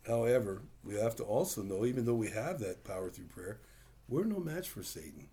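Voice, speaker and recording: A man's voice: on the low side, lively intonation, fairly quick, warm tone. A man preaching a conversational sermon, plain-spoken and full of rhetorical questions. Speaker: pastor.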